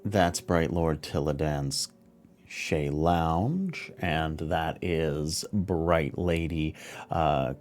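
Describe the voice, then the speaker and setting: A man voicing a smug, scornful male crime boss who drawls his words slowly. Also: extremely low pitch, darkish tone, full character voice.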